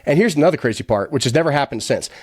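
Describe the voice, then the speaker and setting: A young man telling his own story as a podcast guest, blunt and profane, with quick acted-out quotes. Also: medium pitch, expressive, dry recording, studio quality. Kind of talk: candid storytelling.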